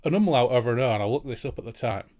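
A man's voice: medium pitch, lively intonation, rapid-fire, darkish tone. Chatty male podcast host. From Hull, East Yorkshire, England. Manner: chatty, rambling into tangents. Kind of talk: casual interview chat.

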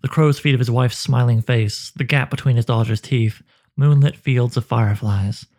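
A man narrating a dark fantasy story in a slow, measured way. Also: mid-range voice, fairly even intonation.

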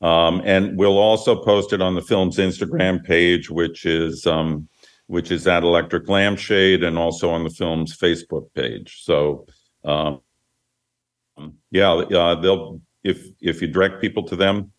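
A man's voice: low voice, steady tone, measured pace. A man guesting on a podcast as a filmmaker, answering questions in an easygoing, plain-spoken way. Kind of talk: interview answers.

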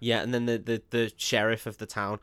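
A man's voice: on the low side, flat delivery, fairly quick, a bit bright, clear, resonant tone, no echo. A man, co-hosting a podcast and recapping a film in casual, sweary chat, laughing often and putting on drawls for quotes.

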